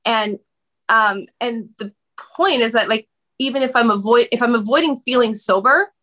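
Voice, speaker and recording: A woman guest on a podcast speaking candidly about her own experiences in an expressive, animated conversational way. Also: a little high. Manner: animated, expressive, quick bursts of speech.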